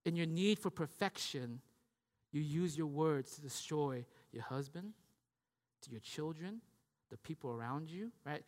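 A man's voice: on the high side, lively intonation, measured pace. A man preaching a sermon in a conversational way. He keeps asking "right?" and acts out the voices of the people he describes. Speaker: pastor. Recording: long hall reverb.

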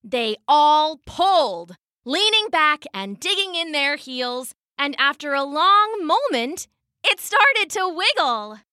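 A woman's voice: high voice, big pitch swings, slow pace, bright, forceful tone, no echo, studio quality. A woman telling a folktale for children in a playful, scripted storybook narration.

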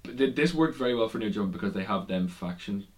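A man's voice: on the low side, animated, fast. A young man co-hosting a casual wrestling podcast, rambling through match results with frequent restarts and laughter. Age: young adult. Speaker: podcast co-host.

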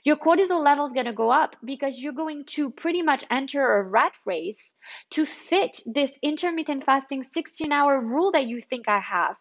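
A woman with a high, expressive voice speaks at a moderate pace on a muffled recording. She hosts a podcast about health, chatting casually and drifting into tangents before coming back to restate her point.

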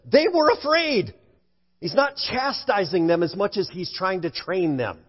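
A male pastor preaching a sermon in an animated way, at times acting out frightened voices. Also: sits high, a little slow, slightly rough. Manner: animated, acts out scared voices for effect. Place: church sanctuary. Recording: dull sound with long hall reverb.

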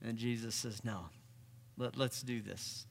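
A man's voice: mid-range voice, fairly even intonation, unhurried, creaky. Man preaching in an echoing hall. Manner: conversational, builds from hushed to emphatic. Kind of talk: sermon.

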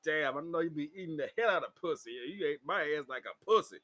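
A man, slightly drunk, tells a raw personal story to camera. His voice sits a little high and sounds bright and sharp, and he laughs loudly and swears constantly. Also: expressive, brisk. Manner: loud, crude and laughing, swings into high shouting. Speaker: vlogger.

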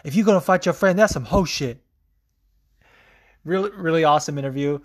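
A man's voice: on the high side, fairly quick. A young man hosting a podcast, chatting casually through sports news with lots of ums, restarts and offhand swearing. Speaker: podcast host.

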